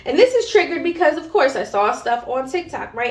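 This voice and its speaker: Female vlog host, high-pitched, profane and emphatic, roomy echo on the recording. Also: sing-song, brisk, hardly any pauses. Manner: blunt and heavily profane; emphatic, with preachy asides to viewers. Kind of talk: unscripted monologue to camera.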